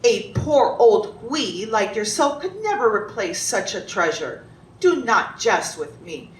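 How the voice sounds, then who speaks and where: A man's voice: big pitch swings, slow pace, pushed and bright, exaggerated voice. A woman voicing a cruel male emperor who speaks in a condescending, stern way. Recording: roomy, distant, faint rumble.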